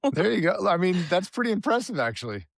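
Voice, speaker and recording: A man's voice: sits high, big pitch swings, fast, creaky, no room sound, studio quality. A middle-aged man hosting a podcast in an easygoing, upbeat way, often laughing along. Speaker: podcast host. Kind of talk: casual chat.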